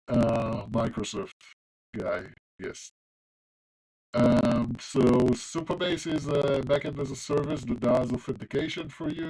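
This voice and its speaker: Male coding streamer, non-native accent tilting American, mid pitch, easygoing rambling delivery. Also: darkish tone, poor audio. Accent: non-native English accent, closer to American. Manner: loose and chatty, many ums and restarts. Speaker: coding livestreamer. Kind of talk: casual livestream chat while coding.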